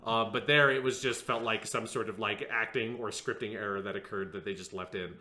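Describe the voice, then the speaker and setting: Bright-voiced man rambling in an echoey room. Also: on the low side, steady tone, a little fast, slight background noise. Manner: rambling, hesitant, lots of fillers, mocking impressions. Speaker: podcast co-host. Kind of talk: casual review discussion.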